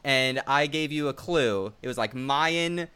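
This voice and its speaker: A man's voice: medium pitch, measured pace, pushed and bright, clear, resonant tone. A man co-hosting a podcast who teases his friends and swears often. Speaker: podcast co-host. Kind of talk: casual podcast chat.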